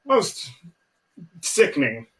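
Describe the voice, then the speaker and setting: Man voicing fussy gnome gentleman, pompous, stammering, wheedling, raised pitch. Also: very animated, drawn-out words, exaggerated voice. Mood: flustered pleading. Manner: stammering, wheedling, self-important.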